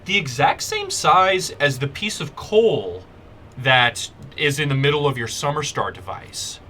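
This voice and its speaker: A man's voice: a little high, very animated, a little slow, pushed and bright, a little hiss or hum. A man narrating as game master for a tabletop game, describing scenes with frequent fillers.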